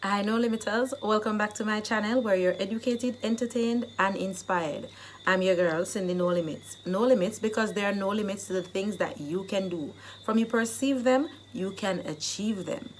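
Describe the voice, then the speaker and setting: A woman hosting a casual video tutorial, teaching phrases and acting them out loudly. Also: mid-range voice, normal speed, a little hiss or hum. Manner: animated, acts out phrases loudly. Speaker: YouTube host teaching phrases.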